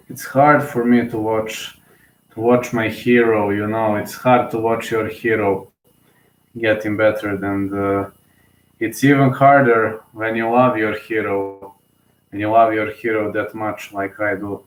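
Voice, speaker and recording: A man's voice: lowish voice, fairly even intonation, a little slow, reverberant, slight background noise, poor audio. A young man, giving casual solo live commentary on a fight, emotional and rambling, full of fillers and restarts, sleepy.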